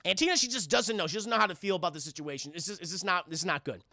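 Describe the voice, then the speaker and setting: A man with a high, gravelly voice tells the story of a film to his live-stream chat in a loose, rambling way, swearing constantly. His tone is bright and sharp, and the sound is dry and close. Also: racing, no echo. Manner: rambling, profane, addresses chat.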